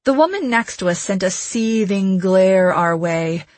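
A woman's voice: medium pitch, expressive, unhurried, a little mellow, dry recording. A woman narrating first-person fiction in a wry, conversational way. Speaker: audiobook narrator.

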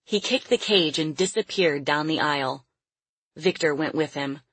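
Audiobook narrator, woman, low husky voice, dry and close. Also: moderate pace, a bit bright, no echo. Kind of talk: scripted narration.

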